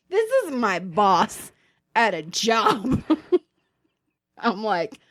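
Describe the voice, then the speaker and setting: Animated, swearing woman podcast host. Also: medium pitch, drawn-out words. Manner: animated, profane storytelling. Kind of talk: casual chat.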